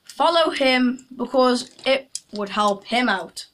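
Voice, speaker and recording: A woman's voice: a little high, animated, takes it slowly, heavy background noise. A young woman chatting casually in a vlog, making jokey asides to viewers. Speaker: YouTuber.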